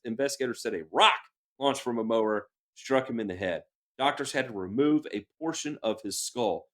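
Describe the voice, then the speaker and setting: A man co-hosting a podcast, reading news items aloud and breaking off into animated personal anecdotes. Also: mid-range voice. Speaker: podcast co-host.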